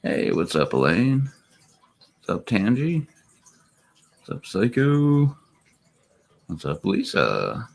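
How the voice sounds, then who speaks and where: A man's voice: fairly low pitch, wildly swooping pitch, takes it slowly, vocal fry, long pauses. A man streaming casually from home, chatting with viewers, laughing often and slipping into baby talk for his puppies. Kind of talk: casual live stream chat.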